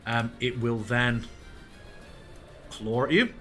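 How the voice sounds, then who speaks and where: A man acting as game master, narrating combat in a relaxed, playful way. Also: mid-range voice, slow pace, faint music behind. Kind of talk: running a tabletop game online.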